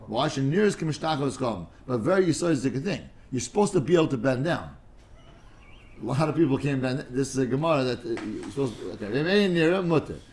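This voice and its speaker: With a darkish mid-range voice and a little hiss or hum in the background, a man leads a casual study class. He rambles and digresses, trips over repeated words, and mixes in Hebrew and Aramaic terms.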